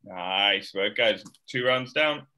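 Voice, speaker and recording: Male fitness coach on a video call: calm, slow countdowns, crisp bright tone, faint music behind. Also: on the low side. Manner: counts down and gives short encouraging cues. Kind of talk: leading a live workout class.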